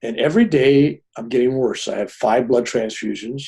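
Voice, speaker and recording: Older man, podcast guest, animated storyteller, warm low-key tone, slightly raspy. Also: moderate pace. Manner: animated storyteller, often adds "right?". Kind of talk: personal storytelling in conversation.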